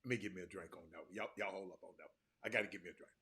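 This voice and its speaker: A man hosting a casual livestream talk from a hotel room. He is an animated storyteller who repeats and restarts words and keeps calling out to his viewers as y'all. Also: deep voice, racing, slight background noise. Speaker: talk show host.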